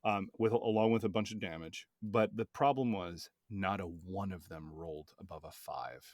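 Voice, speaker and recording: A man who runs tabletop games, telling stories from his campaign in relaxed, rambling podcast chat. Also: low voice, moderate pace, no echo, studio quality. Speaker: game master.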